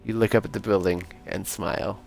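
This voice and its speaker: A man's voice: fairly low pitch, brisk, gravelly, soft background music. A man streaming a story game, reading its text aloud and chatting casually with viewers in between. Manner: relaxed reading broken by chatty comments to viewers.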